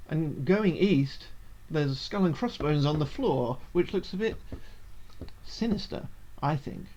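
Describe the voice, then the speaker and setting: A man's voice: a little high, darkish tone, muffled recording. Chatty man reading game text. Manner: chatty, thinks aloud, reads game text in a narrator's tone. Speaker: gaming streamer.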